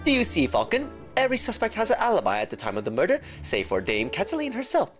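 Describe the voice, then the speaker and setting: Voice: medium pitch, huge pitch swings, fast talker, soft background music, voice pushed up. A streamer voicing a fussy, pompous prosecutor in an animal courtroom game. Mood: smug.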